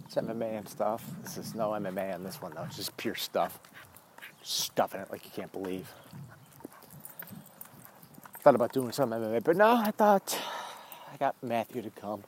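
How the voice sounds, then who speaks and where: A man's voice: medium pitch, a little mellow. A man hosting a podcast, talking in a rambling, profane way while outdoors walking his dog. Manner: rambling, profane, self-interrupting. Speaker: podcast host. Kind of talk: rambling casual monologue.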